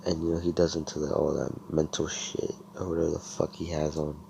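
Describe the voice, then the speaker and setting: A man's voice: rumbling low, level tone, fairly quick, creaky, warm tone, a little hiss or hum. A young man casually telling a fan story, rambling with lots of fillers and swearing, on a computer mic. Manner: rambling, profane, filler-heavy. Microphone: computer headset or desk mic.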